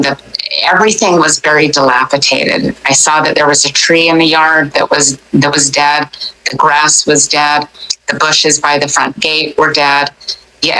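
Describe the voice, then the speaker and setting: Very low-voiced woman recounting a story. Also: sharp tone, low-quality recording. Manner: earnest, reflective, halting with restarts. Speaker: near-death experience storyteller.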